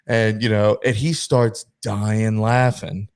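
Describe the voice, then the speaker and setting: Young male host, casual, animated storyteller. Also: lowish voice, takes it slowly, hardly any pauses, smooth. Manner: animated, acts out quotes. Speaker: podcast host.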